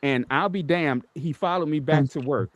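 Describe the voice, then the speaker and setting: A man's voice: a little high, moderate pace, dry recording. A man telling a road rage story in a casual stream chat. He swears constantly and acts out the people in his stories.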